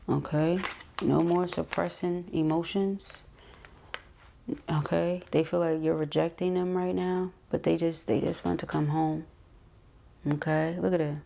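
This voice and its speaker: A woman's voice: deep voice, creaky, noisy background. A woman giving a casual spoken tarot reading, chatty and emphatic, repeating phrases and talking straight to her viewers. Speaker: tarot reader.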